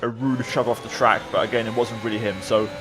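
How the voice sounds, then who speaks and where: A man talking through a replay of his own online race, relaxed and reflective, with many fillers. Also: medium pitch, fast. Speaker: sim racing video creator. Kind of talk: replay commentary voice-over.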